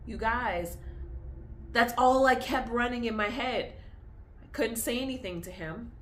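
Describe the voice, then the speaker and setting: A young woman with a drawl speaks slowly and confessionally straight to her viewers, her voice sitting a little high. She sounds tearful, half laughing through it while she swings between feelings. A faint hiss sits under her speech. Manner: confessional, laughing through tears, back and forth. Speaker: vlogger. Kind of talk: candid personal vlog.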